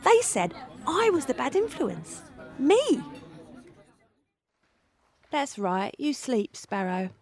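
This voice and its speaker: A woman's voice: very high voice, wildly swooping pitch, takes it slowly, darkish tone, faint music behind, exaggerated voice. A woman playing a blunt, world-weary young woman. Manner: blunt, bitter, tender at times. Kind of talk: radio drama monologue.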